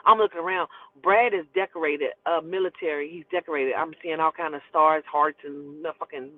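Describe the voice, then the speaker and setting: A woman telling a personal story in casual, animated, profane speech and acting out the dialogue. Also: deep voice, a little fast. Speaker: storyteller host. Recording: dry, phone-like thin sound.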